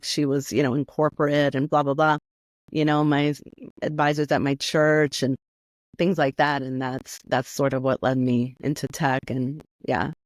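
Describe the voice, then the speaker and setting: A woman's voice: low-pitched, no echo, clean studio sound. A middle-aged woman from New York, talking casually as an interview guest, with many fillers and the odd Spanish phrase. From New York, USA. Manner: chatty, many fillers like "you know" and "like".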